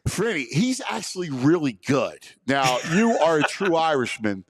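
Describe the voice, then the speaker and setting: A man's voice: a little high, big pitch swings, moderate pace, husky. A man hosting a sports talk show in a studio, chatting with enthusiasm and heaping on praise.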